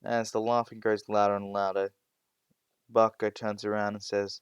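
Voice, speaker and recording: A man with a low, smooth voice narrates an improvised fan story, rambling and restarting his sentences. The sound is close and dry. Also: little pitch movement, moderate pace, dry recording. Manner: rambling, frequent restarts and "well".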